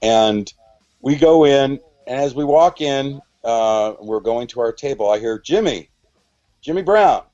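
A man's voice: mid-range voice, a little slow, mellow, lo-fi sound. A man in his forties telling a story on a podcast, rambling and restarting, acting out quoted lines. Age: 40s. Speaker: podcast guest. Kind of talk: casual storytelling.

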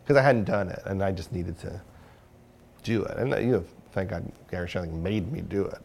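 Gravelly low-voiced man, candid and self-critical. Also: a little fast, a little mellow. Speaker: interview guest, filmmaker and comedian. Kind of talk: candid conversational interview.

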